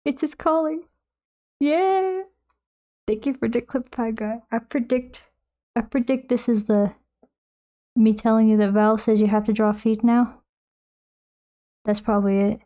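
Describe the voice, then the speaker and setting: A young woman with a fairly high, mellow voice chats into a close desk mic while she paints on stream. She rambles and laughs at her own habits as she answers her viewers, and her tone stays loose and self-mocking. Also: fairly even intonation, moderate pace, long pauses. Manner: rambling, self-mocking, reads chat aloud. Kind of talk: casual chat while painting. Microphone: desk microphone close by.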